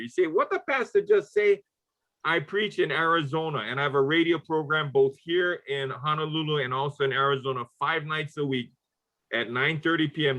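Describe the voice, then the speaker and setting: Hawaii pidgin-accented pastor guy, lively storyteller, laptop call audio. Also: a little high, low-quality recording. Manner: lively storyteller mixing Pidgin and standard English. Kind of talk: casual talk on a video call. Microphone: laptop mic on a video call.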